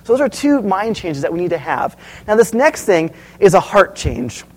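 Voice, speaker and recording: Male pastor, high tenor, lively storyteller delivering a sermon to his congregation. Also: moderate pace, faint music behind, rough recording. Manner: storytelling, animated, asks the audience questions.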